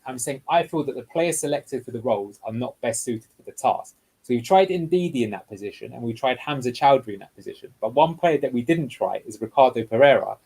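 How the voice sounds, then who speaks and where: Husky man breaking down match clips. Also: medium pitch, darkish tone, low-quality recording. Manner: explanatory, walks through clips step by step. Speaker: guest football analyst. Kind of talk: tactical video breakdown.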